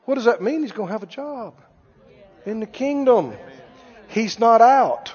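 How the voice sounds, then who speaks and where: A man preaching a sermon, animated, acting out Bible dialogue with chuckles. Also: high voice, measured pace. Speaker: pastor. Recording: dull sound with long hall reverb.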